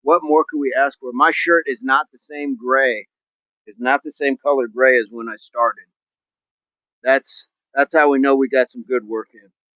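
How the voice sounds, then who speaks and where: A man of ordinary pitch closes out his fitness livestream, talking to his viewers in a loose, joking, rambling way. The sound is dry and a little muffled. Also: fairly even intonation, moderate pace, sharp tone, no room sound. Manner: upbeat, rambling, jokey sign-off. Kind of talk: casual livestream chat to viewers.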